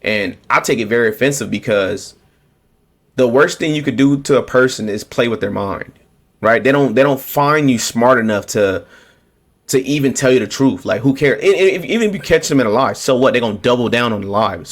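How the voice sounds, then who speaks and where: A political commentator with a mid-range voice rants casually to camera at a moderate pace. He repeats himself, keeps restarting his sentences, and throws in sarcastic, mocking quotes.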